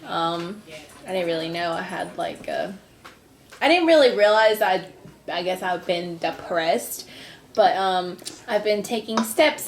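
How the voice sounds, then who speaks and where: A woman co-hosting a casual podcast, talking candidly and reflectively about her own life. Her voice is mid-pitched and sounds echoey in the room. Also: a little hiss or hum. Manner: candid, reflective, speaks openly about personal matters. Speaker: podcast co-host. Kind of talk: casual chat.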